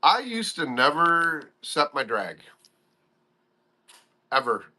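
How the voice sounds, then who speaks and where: A man chatting as an interview guest, telling fishing stories excitedly and acting out his own reactions. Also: a little high, slow pace, a little hiss or hum. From Wisconsin. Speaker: guest, father of a young angler. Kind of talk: casual chat, animated fishing stories.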